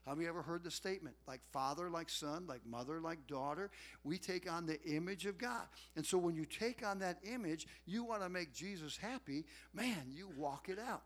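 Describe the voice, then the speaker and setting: A middle-aged man delivers a sermon in a high, bright voice. He is folksy and animated, talking straight to his congregation. He climbs into loud, excited bursts when he gets going. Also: normal speed. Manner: folksy, animated preaching with rising shouts. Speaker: pastor.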